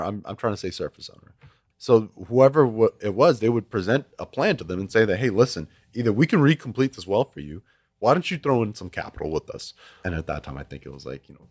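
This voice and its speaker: A man's voice: fairly low pitch, no echo. A man in his twenties chatting casually as a podcast guest, rambling through stories with frequent restarts. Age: 20s. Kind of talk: casual chat.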